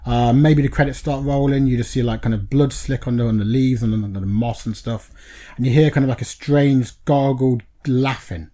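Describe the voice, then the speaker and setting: A man co-hosting a podcast, chatting casually, laughing often and calling his co-host "mate" as he reads out a horror film pitch. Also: moderate pace, mellow.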